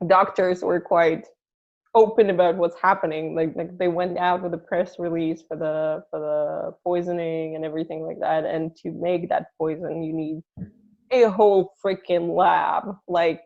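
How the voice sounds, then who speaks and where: A woman's voice: lowish voice, little pitch movement, moderate pace, creaky, phone-quality sound. A woman from Russia with a Russian accent, a comedian talking bluntly in a casual interview, swearing freely and laughing between points. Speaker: comedian guest.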